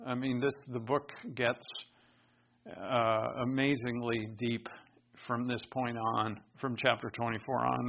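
A man preaching a conversational Bible teaching sermon, moving between relaxed explanation and emphatic raised bursts. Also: mid-range voice. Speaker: pastor. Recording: dull lo-fi recording.

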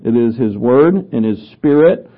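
A man's voice: mid-range voice, normal speed. A man preaching a conversational Bible lesson, with offhand asides and frequent restarts as he explains scripture. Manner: conversational teaching, with asides and self-corrections. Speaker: pastor teaching a Bible study. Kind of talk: sermon. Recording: tinny phone-like sound.

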